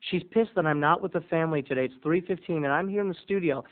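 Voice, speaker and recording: A man hosting a video blog, telling a comic story with theatrical swings between booming and hushed. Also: racing, few pauses. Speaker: vlog host. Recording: tinny phone-like audio.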